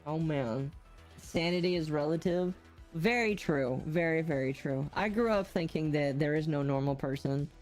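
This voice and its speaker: A woman's voice: low voice, moderate pace, a little mellow, soft background music. A woman hosting a game livestream, chatty and giggly, often exclaiming as she talks. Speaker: streamer host. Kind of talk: casual livestream chat.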